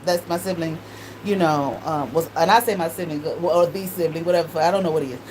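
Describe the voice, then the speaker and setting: A woman's voice: low voice, fairly quick, a little mellow, rough recording. Woman in her forties, casual profane storytelling, frequent laughter, faint background noise. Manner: profane, laughs often, quotes others in voices. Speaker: tarot reader and channel host.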